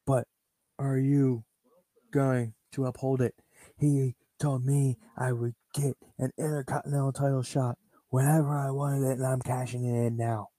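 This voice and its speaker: A man's voice: mid-range voice, flat delivery, measured pace, warm tone, dry recording, close to an everyday voice. A man voicing a brash wrestler who insists on getting what he was promised. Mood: demanding. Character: brash demanding male wrestler.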